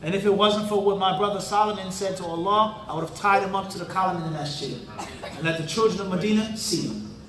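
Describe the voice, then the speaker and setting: The Islamic teacher's voice is high, quick, and fairly bright as he leads an interactive lecture in a mosque hall. He peppers the audience with fill-in-the-blank questions and casual street-talk asides; the mic sits at a distance in a roomy hall.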